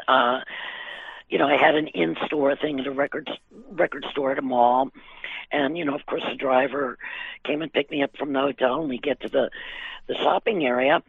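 An older woman telling lively stories as an interview guest, laughing often and using many fillers. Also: deep voice, gravelly, breathy edge, no room sound. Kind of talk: casual storytelling. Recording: dry tinny phone line.

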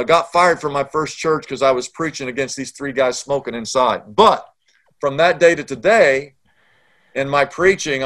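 A man's voice: medium pitch, a bit bright. A middle-aged man, a pastor telling a story in an interview and acting out the dialogue.

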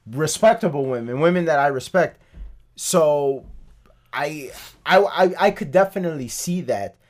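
A man's voice: a little high, lively intonation, measured pace. A man co-hosting a podcast in casual chat, blunt and profane, with lots of "like". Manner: blunt, profane, says "like" and "you know what I'm saying" often. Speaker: podcast co-host.

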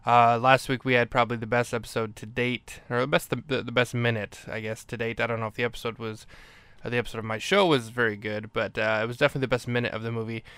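A man's voice: medium pitch, flat delivery, fast talker, fairly bright tone, clean tone, no room sound. Male podcast host, casual and self-correcting, with a clean, resonant voice on a dry close mic. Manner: rambling, self-correcting recap. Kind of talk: casual movie recap.

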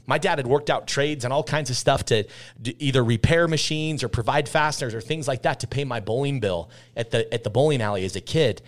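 A man's voice: mid-range voice, fairly quick. Intense, emphatic man in his thirties. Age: 30s. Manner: intense, emphatic, repeats phrases for weight. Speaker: podcast guest. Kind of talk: candid conversational storytelling.

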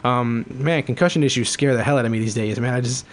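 A man's voice: medium pitch, fast talker. A man hosting a casual fantasy football podcast, rambling with many fillers and restarts. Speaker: podcast host.

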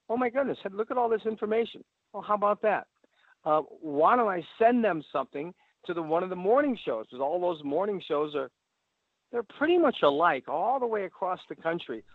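A man talks through a phone line that sounds thin and dry. His voice is gravelly and sits a little high. He rambles in an animated way as a radio guest, acting out little phone calls as he goes. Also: no room sound. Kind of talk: casual advice talk.

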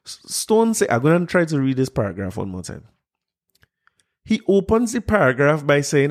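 A fairly high-voiced man, reading out a news story and ridiculing it line by line. His voice is incredulous and sarcastic, full of mocking questions. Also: sing-song, moderate pace. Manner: incredulous, sarcastic, laughing at what he reads. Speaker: commentator reacting to a news article.

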